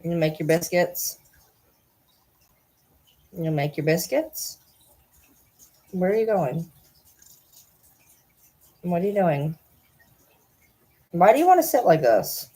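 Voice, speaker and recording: A woman's voice: on the low side, big pitch swings, slow pace, pauses often, dark tone, slightly rough. A woman vlogging casually while talking to her cat, chatty and cursing, slipping into cooing baby talk.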